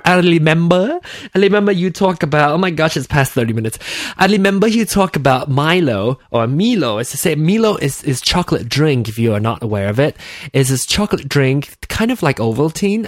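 A chatty man with a Malaysian English accent, tinged with British, talks through a solo podcast in a lively, up-and-down voice. He rambles, restarts and corrects himself often. The sound is dry and close, with no room around it. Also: fairly high pitch, quick pace, no echo. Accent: Malaysian English with a slight British touch. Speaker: podcast host. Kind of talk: casual solo podcast chat.

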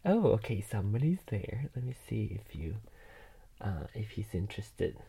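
A man's voice: on the low side, big pitch swings, moderate pace, gravelly, mellow, breathy edge. A man chatting and rambling live from his bed into a binaural mic, laughing often and swearing casually. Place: bedroom, in bed. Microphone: binaural mic on a computer.

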